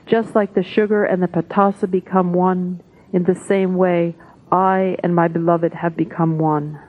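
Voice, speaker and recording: A woman reading devotional texts aloud at a spiritual gathering, in a measured, solemn way. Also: on the low side, flat delivery. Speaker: satsang reader. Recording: tinny phone-like audio.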